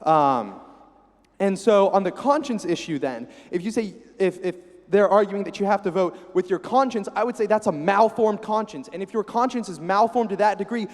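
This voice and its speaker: Man, assertive debate floor speech, slightly high voice, long hall echo. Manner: assertive, measured argument. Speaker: student debate speaker. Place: university hall.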